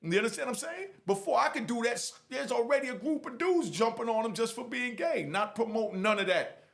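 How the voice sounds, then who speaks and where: A man telling a first-person prison story in a casual, animated way, often checking in with the listener. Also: very high-pitched, fast, creaky. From Jamaica. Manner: animated, keeps saying "you know what I mean". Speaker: storyteller recounting prison life.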